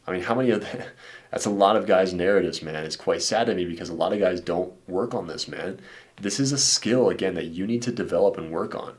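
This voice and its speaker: A man with a very low voice gives blunt, laid-back dating advice in casual commentary. He talks like he's chatting with a buddy, dropping "dude" and "man" and the odd curse word. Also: a little fast. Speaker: dating coach. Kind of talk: casual commentary reacting to viewer messages.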